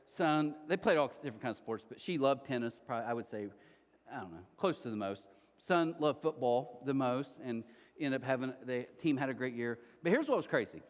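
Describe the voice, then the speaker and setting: A man in his forties preaching a sermon in a church auditorium, telling stories in an animated way and acting out the quotes. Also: medium pitch, brisk, long reverb tail. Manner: animated storytelling, acts out quotes. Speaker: pastor.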